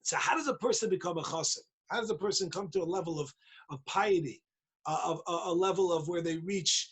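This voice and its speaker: Animated husky man giving a Torah talk. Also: high-pitched, brisk. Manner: playful, acts out voices in his story, emphatic. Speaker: rabbi giving a daily talk. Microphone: video call.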